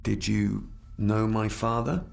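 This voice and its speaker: A courteous young gentleman in a gothic game. His low, gravelly voice stays formal and polite as he asks questions. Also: fairly even intonation, slow, exaggerated voice.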